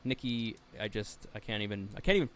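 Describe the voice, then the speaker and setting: A man's voice: lowish voice, animated, a little fast. A man co-hosting a podcast, chatting in a wry, blunt way and swearing casually. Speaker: podcast co-host. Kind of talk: casual chat.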